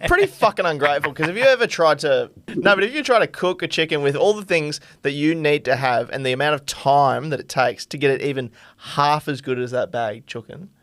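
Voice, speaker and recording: A man's voice: on the high side, lively intonation, fairly quick, fairly bright tone. An Australian man co-hosting a casual comedy podcast, cracking crude jokes. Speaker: podcast co-host.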